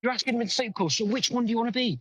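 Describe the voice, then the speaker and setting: A man's voice: extremely high pitch, racing, fairly bright tone, slightly rough. A man in a voice call who sounds pushy and accusing, often stumbling and restarting his sentences. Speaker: caller in a voice call. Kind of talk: argumentative call chat.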